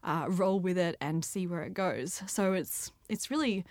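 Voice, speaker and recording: A woman's voice: on the low side, unhurried, dry recording, studio quality. Bubbly young woman author. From Australia. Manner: bubbly, laughs often, lively asides. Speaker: author being interviewed. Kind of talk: casual interview answers. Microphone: studio microphone.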